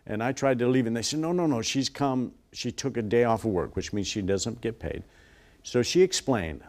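A man in a TV interview, earnestly telling a story and acting out quoted voices softly. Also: medium pitch, moderate pace. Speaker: guest, ministry worker.

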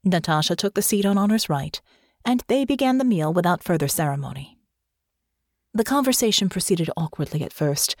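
A woman reading an audiobook in a measured, even narration. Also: lowish voice, no echo, clean studio sound.

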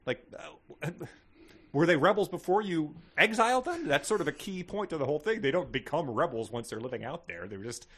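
A man's voice: fairly high pitch, lively intonation, a little fast, a bit bright, slightly rough. A man co-hosting a comedy podcast about a book, joking and reading passages aloud in playful voices. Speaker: podcast co-host.

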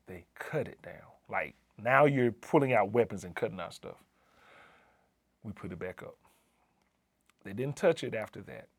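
This assistant dean of community and inclusion, a man from the Southern United States, shares a personal story in a medium-pitched, darkish voice, recorded without echo. His delivery is earnest and emphatic, with key phrases repeated.

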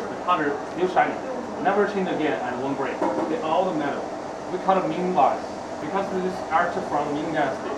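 A man proudly presents the pieces as a factory guide. His voice runs fairly high and is caught from a distance in a roomy, echoing space. Loud background noise sits under him. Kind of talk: guided tour explanation.

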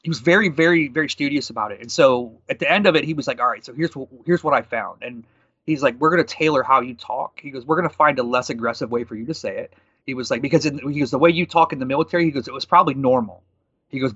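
A man in his thirties telling a story from his working life in a quick, animated conversational way, quoting people as he goes. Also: medium pitch, slightly rough, no echo, dull audio. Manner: fast, animated storytelling with quoted dialogue. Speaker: guest.

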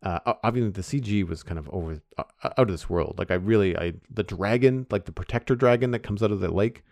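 A man's voice: lowish voice, fast talker, vocal fry, a little mellow, no room sound. A man hosting a casual podcast chat, hesitant and full of fillers as he gives his opinion. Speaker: podcast host.

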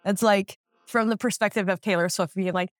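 A woman's voice: mid-range voice, fairly even intonation, a little fast, no echo, studio quality. Giggly young woman recapping a show. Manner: giggly, retells scenes with put-on quotes. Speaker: podcast co-host. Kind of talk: casual chat recap.

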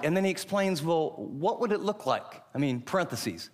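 A man preaching a sermon as pastor, emphatic and pausing on key words. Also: on the high side, expressive, big-room sound.

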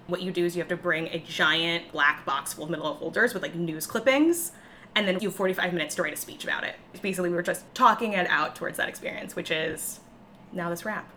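Bright fast-talking woman with a Chicago accent. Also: on the low side, a little hiss or hum. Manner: fast-talking, laughs often. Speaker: podcast co-host. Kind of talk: casual book discussion.

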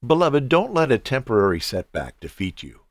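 A man's voice: mid-range voice, big pitch swings, moderate pace, no room sound. A man hosting a devotional podcast, who speaks in an earnest, encouraging, pastoral way. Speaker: podcast host.

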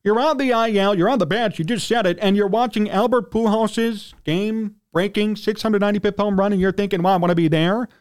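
Heated high-voiced male sports radio host. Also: steady tone, brisk, few pauses. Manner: heated, ranting, indignant; frequent throat clearing.

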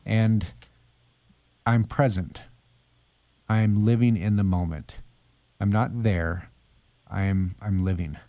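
A man with a low, mellow voice speaks as a guest author. He tells personal stories earnestly and slips into the voices of people he quotes. The sound is close and dry. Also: steady tone, slow pace, long pauses, no echo. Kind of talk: conversational interview.

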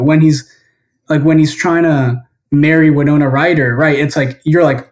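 A man's voice: on the high side, steady tone, normal speed, a little mellow. A man calling in as a guest to chat about a film, rambling with lots of fillers. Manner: rambling, heavy use of fillers. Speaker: guest caller. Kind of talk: casual film discussion. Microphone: phone or remote call.

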